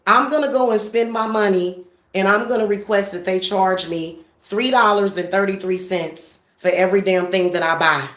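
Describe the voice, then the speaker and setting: Woman, profane, blunt vlog rant, middle pitch, roomy echo. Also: moderate pace. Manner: blunt, profane, laughing, talks straight to viewers. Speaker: spiritual practitioner vlogger. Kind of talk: casual ranting vlog. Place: at home.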